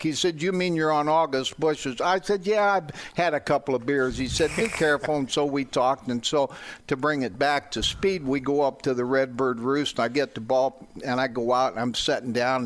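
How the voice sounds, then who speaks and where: Older man telling a story on the radio. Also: mid-range voice. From St. Louis area, US. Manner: animated storyteller acting out quoted voices. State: gets emotional. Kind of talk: anecdote on a sports talk radio show.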